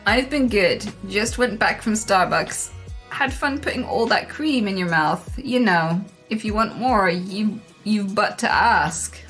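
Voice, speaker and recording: A woman's voice: mid-range voice, a little slow, fairly bright tone, soft background music. A woman streamer reading memes aloud and reacting, laughing often and swearing freely.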